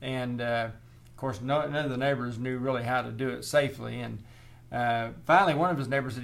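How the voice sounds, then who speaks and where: A man's voice: mid-range voice, steady tone, a little fast, vocal fry, fairly bright tone. A man telling a long joke in a rambling, folksy way. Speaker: storyteller.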